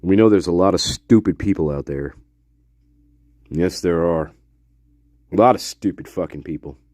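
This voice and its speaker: A man's voice: low-pitched, moderate pace, darkish tone, no room sound, clean studio sound. A man hosting a casual live stream from his room, rambling, swearing and laughing often as he talks to viewers. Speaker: channel host.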